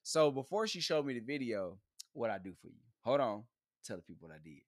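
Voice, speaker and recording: A man's voice: mid-range voice, very animated, a little fast, no echo, studio quality. A young man in his twenties co-hosting a casual chat, joking and teasing. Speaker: co-host.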